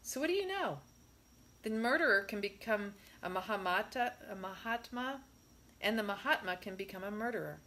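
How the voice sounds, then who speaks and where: A woman reading a spiritual discourse aloud in a measured way, stressing her rhetorical questions. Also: mid-range voice, lively intonation, sharp tone.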